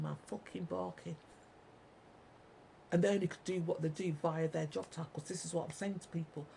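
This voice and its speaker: A vlogger rants angrily at viewers, repeating himself and swearing heavily throughout. The voice is medium-pitched with vocal fry and a slightly mellow quality. The recording is rough, with a little hiss or hum.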